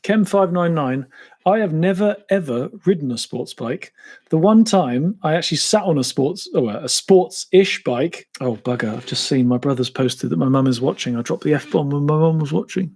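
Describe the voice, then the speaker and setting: An English man with a Cambridge-area accent talks through a live stream question-and-answer session. His voice sits a little high for a man, and his tone is loose and jokey. He swears casually and laughs at himself as he goes. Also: animated, normal speed, a little mellow. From England (Cambridge). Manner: chatty, self-mocking, swears casually. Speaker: motorcycle YouTuber answering live Q&A.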